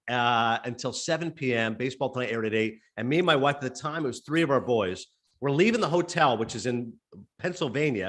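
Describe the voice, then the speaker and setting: Fast-talking man telling stories. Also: medium pitch. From Canada. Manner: quick, lively anecdote-teller acting out dialogue. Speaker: guest sportscaster. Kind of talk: animated storytelling in a podcast interview.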